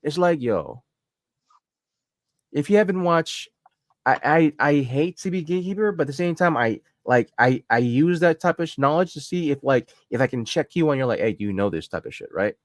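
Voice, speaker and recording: A man on a podcast, ranting heatedly and swearing often. His voice sits a little high and swings widely in pitch. The sound is close and dry. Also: moderate pace, no room sound. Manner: heated, profane, animated ranting. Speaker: podcast co-host. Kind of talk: casual ranting chat.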